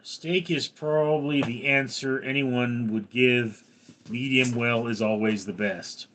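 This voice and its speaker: A man's voice: mid-range voice, sharp tone. A man hosting a live stream, who reads viewer names from chat and teases them. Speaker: livestream host. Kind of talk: casual live chat reading.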